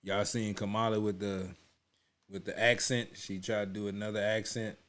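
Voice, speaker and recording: A man's voice: fairly low pitch, level tone, normal speed, a bit bright. A man hosting a reaction video, chatting loosely to viewers with many restarts and repeated words. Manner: talks to viewers as "y'all". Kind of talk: casual running commentary.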